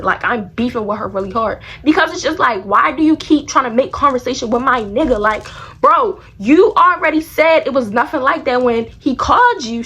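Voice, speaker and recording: High-voiced young woman. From Baltimore area. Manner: animated, blunt, slangy and profane. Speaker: vlogger. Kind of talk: storytime vlog.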